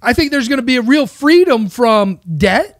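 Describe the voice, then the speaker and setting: A man's voice: very high-pitched, animated, moderate pace, no echo, clean studio sound. A man giving a casual, rambling monologue on faith, with many rhetorical questions. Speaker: Christian speaker.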